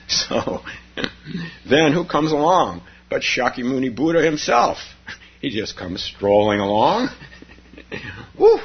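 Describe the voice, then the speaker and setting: During a dharma talk on retreat, a meditation teacher wanders through his stories, chuckling frequently. He speaks slowly with many pauses, in a husky, medium-pitched voice with big pitch swings. The recording is dull and lo-fi.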